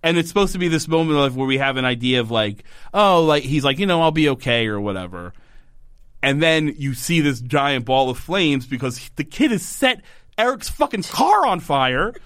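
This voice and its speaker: A man in casual podcast chat, his pitch leaping high and dropping low as he recaps a show. He swears freely and slips into the characters' lines. The sound is close and dry, with no room around it. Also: moderate pace, smooth, dry recording. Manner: animated, swearing, mimics characters in quotes. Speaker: podcast co-host.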